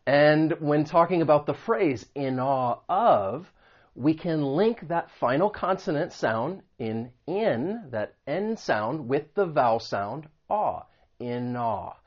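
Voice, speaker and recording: A man's voice: fairly high pitch, lively intonation, takes it slowly, dull audio. A man teaching English vocabulary, explaining meanings and pronunciation patiently with spoken examples. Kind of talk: vocabulary lesson.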